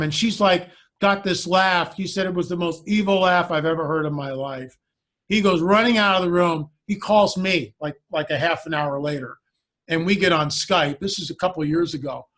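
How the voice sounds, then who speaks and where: A guest in a conversation, a man whose speaking voice is high, recounts a story. His telling is animated, and he performs the quoted lines of the people involved.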